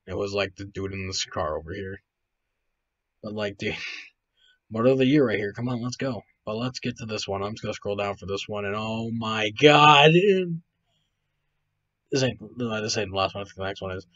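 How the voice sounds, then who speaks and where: A man's voice: on the low side, fairly even intonation, a little fast, no room sound. A man hosting a video, rambling and swearing his way through casual reaction commentary, sounding tired. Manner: profane, rambling, laughs a lot. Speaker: video host reacting to photos. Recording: dull lo-fi, dry.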